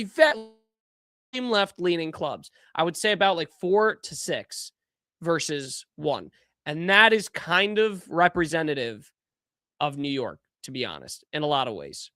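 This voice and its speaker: A young man hosting a podcast, giving casual political commentary in an animated, incredulous way that keeps trailing off and restarting. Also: high-pitched, a little slow, dry recording, clean studio sound. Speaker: podcast host.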